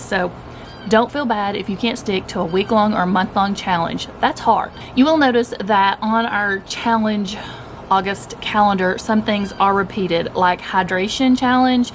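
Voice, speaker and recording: Woman, 30s, casual vlog, upbeat and chatty, mid-pitched voice. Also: slight background noise. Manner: chatty, upbeat, talks to viewers directly. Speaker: keto vlogger. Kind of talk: casual chat to camera. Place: at home, partly outdoors.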